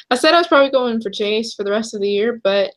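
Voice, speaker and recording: Young woman co-host, higher-pitched, chatty and easygoing. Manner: chatty, laughs easily, trails off and restarts. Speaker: podcast co-host. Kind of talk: casual chat.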